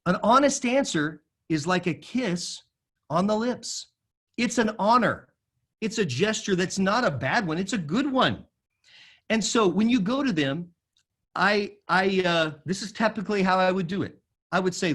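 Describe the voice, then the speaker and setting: Male speaker, preaching style, fairly high voice, emphatic delivery that swings loud and soft, gets the room repeating after him. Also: expressive, moderate pace. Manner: emphatic, varies loudness widely, drops to a soft low voice for quoted lines; calls on the audience to repeat phrases. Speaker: speaker at a school of music forum. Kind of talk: sermon-style talk.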